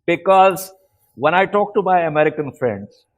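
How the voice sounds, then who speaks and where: A man hosting a current-affairs discussion, relaxed and chatty, with frequent fillers as he speaks. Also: on the high side, normal speed. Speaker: host.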